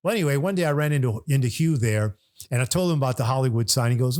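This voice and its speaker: A man's voice: medium pitch, quick pace, darkish tone. Rambling older man spinning a story. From New Orleans. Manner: rambling, with frequent restarts and repeated words. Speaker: podcast guest. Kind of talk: casual storytelling. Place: bar.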